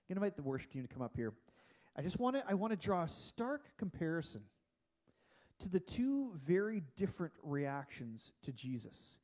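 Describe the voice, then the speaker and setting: Bright-voiced male pastor, mellow tone. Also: sits high. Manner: casual, animated preaching with restarts. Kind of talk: sermon. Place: church.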